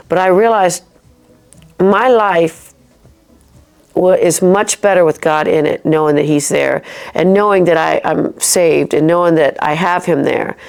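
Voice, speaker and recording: A woman's voice: on the low side, vocal fry, darkish tone. A woman guest on a podcast telling her personal faith story in an earnest, reflective way, often restarting her sentences. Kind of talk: personal faith testimony in casual talk.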